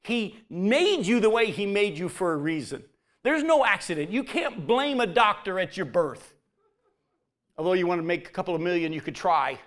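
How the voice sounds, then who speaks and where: A man giving a conversational sermon who acts out the quotes and drops to a soft voice near the end. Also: high-pitched, animated, normal speed. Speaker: preacher.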